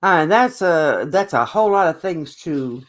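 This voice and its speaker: Co-host, mid-pitched, ranting hard about sports in loose podcast chat. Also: lively intonation, normal speed. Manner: opinionated, ranting.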